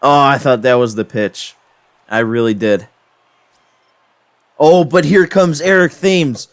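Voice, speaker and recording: A young gaming channel host offers casual play-by-play on his own video game, sounding frustrated and self-deprecating. His voice is mid-range and slow, and the recording is dry.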